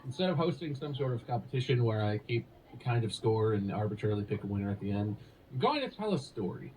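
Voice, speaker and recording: A man's voice: medium pitch, big pitch swings, fast, a little mellow, slight background noise, low-quality recording. A man hosting a podcast in casual comedic chat, speaking in a dry, teasing way as he starts a story. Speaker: podcast host.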